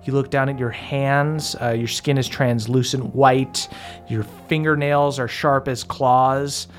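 A man's voice: medium pitch, steady tone, a little slow, faint music behind. Casual man narrating a tabletop game. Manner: casual, many fillers and swearing. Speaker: game master.

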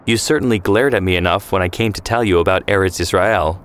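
A man's voice: deep voice, quick pace, close to an everyday voice. A man voicing a confident, teasing young man in an audio story, wry and matter-of-fact.

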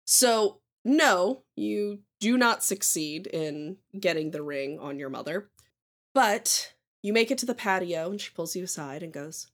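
A woman narrating a tabletop game as game master, playful and quick to laugh with players. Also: on the low side, lively intonation.

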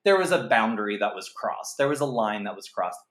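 A man co-hosting a podcast, talking through a film in a rambling, animated way with many fillers. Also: on the low side, fairly quick. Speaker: podcast co-host. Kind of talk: casual film review chat. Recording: echoey room.

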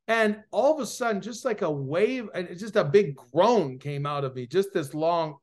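A man with a fairly high voice shares a personal faith testimony as a guest in an interview. He tells it earnestly and with feeling, his voice growing louder at the high points of the story. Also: animated, normal speed, hardly any pauses. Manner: earnest, emotional storytelling that swells louder at its peaks. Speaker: preacher and author, interview guest.

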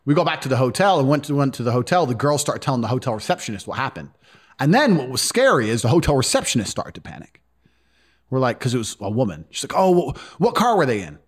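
A man's voice: medium pitch, very animated, fast, breathy edge. A man telling stories as a podcast guest in a blunt, profane, casual way. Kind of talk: casual storytelling.

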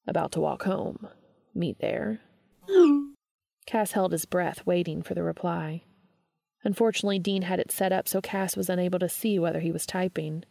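A woman reads a story aloud in a steady, measured voice. Her tone is low and gravelly, and the recording is dry and close. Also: no room sound. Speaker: narrator.

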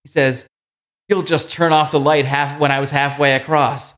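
A man's voice: a little high, little pitch movement, normal speed, a bit bright, natural voice. A man voicing a manic male clown villain, reading his lines in a theatrical, rising lilt. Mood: gleeful.

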